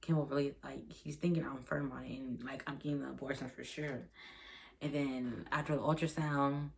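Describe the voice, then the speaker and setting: A woman's voice: very deep voice, fairly even intonation, moderate pace, vocal fry. A young woman vlogger telling a personal story in a rambling, repetitive way, acting out the dialogue and sometimes dropping to a whisper. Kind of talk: storytime vlog.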